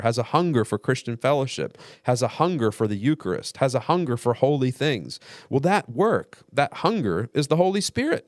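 A man guest-hosting a radio show, giving an earnest, measured theological teaching talk that builds through repetition. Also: mid-range voice, no room sound, studio quality.

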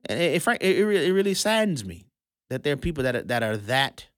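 A man hosting an opinionated commentary show, emphatic and sarcastic, swinging between loud and hushed. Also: a little high, very animated, brisk, no room sound, studio quality.

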